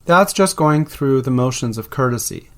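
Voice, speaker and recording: A man's voice: medium pitch, expressive, moderate pace, a bit bright. A man hosting a podcast, narrating from a script in a playful, explanatory way. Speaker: podcast host.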